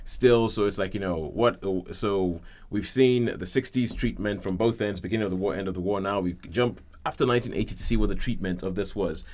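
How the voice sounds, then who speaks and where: Low-voiced man hosting a casual podcast. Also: brisk, few pauses, a little mellow. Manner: rambling, filler-heavy, loosely structured. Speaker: podcast host. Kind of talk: casual film chat.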